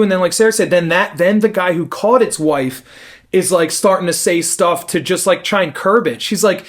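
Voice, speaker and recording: High-voiced man telling a story animatedly. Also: normal speed. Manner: animated, swears, acts out quotes. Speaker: podcast co-host. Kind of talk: casual storytelling chat.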